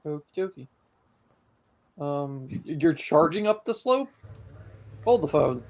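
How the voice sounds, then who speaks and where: Man, lively voice, a bit high, quick questioning player.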